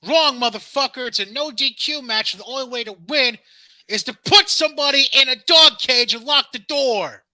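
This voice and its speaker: Bright, profane podcast co-host man. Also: very high-pitched, normal speed, dry recording. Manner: profane, teasing, lively storyteller. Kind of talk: casual wrestling podcast chat.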